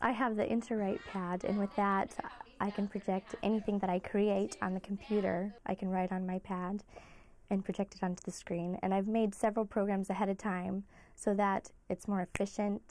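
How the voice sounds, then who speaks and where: Flat-toned woman music teacher. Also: mid-range voice, moderate pace. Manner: earnest, explaining. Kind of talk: interview.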